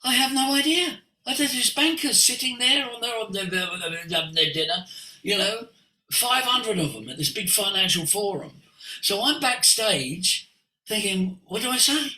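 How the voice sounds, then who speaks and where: An older man, a voice coach, tells stories in an expressive way, moving between hushed asides and sudden exclamations. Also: high voice, moderate pace. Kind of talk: animated storytelling. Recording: roomy echo.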